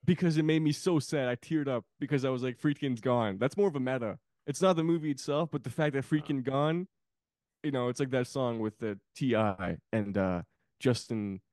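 A man's voice: medium pitch, moderate pace, a little mellow, no room sound, studio quality. A man guesting on a podcast, chatting casually about films, rambling and laughing often. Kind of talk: casual film chat.

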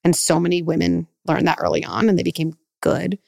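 A middle-aged woman psychologist giving parenting advice in a podcast interview, animated and full of "like", acting out parent and child lines. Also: on the low side, a little fast, vocal fry, no room sound, clean studio sound. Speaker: clinical psychologist guest.

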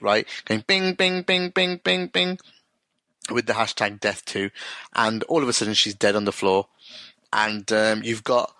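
A man co-hosting a casual podcast, talking fast and swearing, his voice jumping up high when he finds something funny. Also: no echo. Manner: animated, swears freely, voice jumps up when amused. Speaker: podcast co-host. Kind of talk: casual chat reviewing TV episodes.

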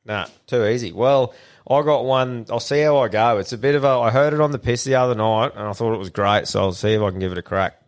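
A man's voice: mid-range voice, fast talker. A young Australian man co-hosting a podcast, chatting casually with crude, laid-back humour and telling jokes. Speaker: podcast co-host. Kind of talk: casual banter.

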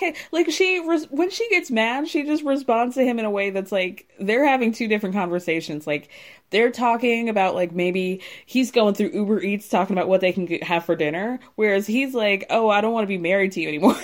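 Chatting casually, a woman recaps a reality show, animated and laughing often as she acts out quotes. Her voice is medium in pitch.

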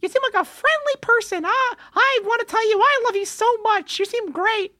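An eager, nerdy little boy, as a woman puts him on, sweet and earnest. The voice is squeaky high and bright, in a dry close recording. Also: normal speed, dry recording.

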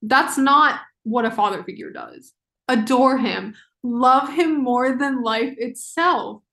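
A woman hosting a casual book discussion podcast, chatty and emotional, with quick asides and lots of "like"s. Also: high-pitched, gravelly, fairly bright tone. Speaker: podcast host.

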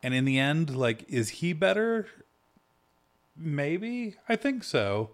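A young man co-hosting a casual podcast chat, making dry, deadpan jokes and contrary remarks. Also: on the high side, takes it slowly. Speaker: podcast co-host. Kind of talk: casual chat about a film.

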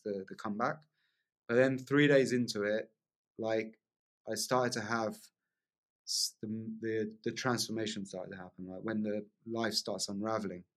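A man telling a long personal story as a podcast guest, in a lively casual way, often asking "right?" along the way. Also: on the low side. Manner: animated storyteller, frequent "like" and "right?" tags.

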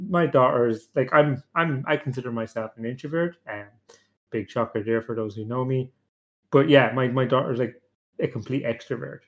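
A young man hosting a casual podcast panel chat, talking bluntly, swearing a lot and mocking other parents in put-on voices. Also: mid-range voice. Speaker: podcast host.

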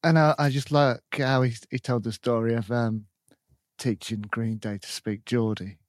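A man's voice: mid-range voice, fairly even intonation, normal speed, dry recording, clean studio sound. A man hosting a podcast, chatting enthusiastically in a casual, upbeat way. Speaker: podcast host. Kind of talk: casual chat.

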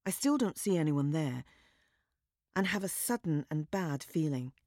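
A woman narrating a story in a measured, wry and understated way. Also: low-pitched, lively intonation, dark tone, no echo, studio quality. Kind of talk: audiobook narration.

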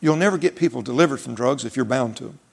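A man's voice: mid-range voice, quick pace, creaky, a crowd in the background. A man preaching a sermon in an emphatic, repetitive way, mixing in folksy humor.

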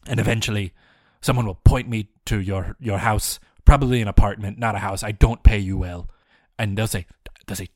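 Comedy podcast host, male, low-pitched, deadpan rambler with mock-furious outbursts, dry close sound. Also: moderate pace, no echo. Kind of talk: deadpan comedic movie recap.

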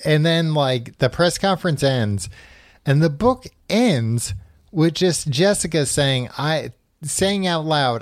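Recorded in a clean studio with no room sound, a man with a fairly high voice hosts a podcast. He recaps a book casually, with wry storytelling and acted-out quotes.

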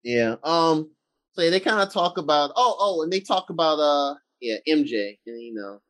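An excitable man in casual conversation, voice sitting a little high for a man. He rambles through his points with plenty of fillers, jumping into quick impressions of characters as he retells scenes. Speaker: podcast co-host. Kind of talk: casual movie discussion.

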